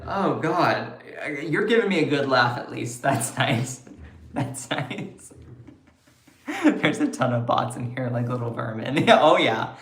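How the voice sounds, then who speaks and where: A chatty, sarcastic man hosts a livestream, commenting on politics and answering his chat. He speaks at an unhurried pace in a voice of middle pitch, and the room around him is noticeably echoey. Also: animated, a bit bright.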